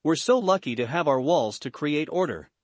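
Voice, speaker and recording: A man's voice: fairly high pitch, animated, moderate pace, no room sound. Cold male agent, read by a man, rote phrasing, dry sound.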